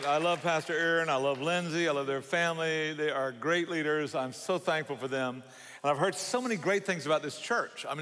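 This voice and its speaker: An older man with a thick Southern Georgia accent preaches in a church, spinning folksy, joking stories. His voice sits a little high for a man and rings with the long reverb of a large sanctuary. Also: bright, forceful tone, slight background noise. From Savannah, Georgia. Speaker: guest pastor. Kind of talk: sermon.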